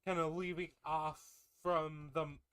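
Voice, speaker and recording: Bright, crisp-voiced man recapping a film. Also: fairly high pitch, flat delivery, unhurried. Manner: casual, profane plot recapping. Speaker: podcast co-host. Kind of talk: casual film discussion.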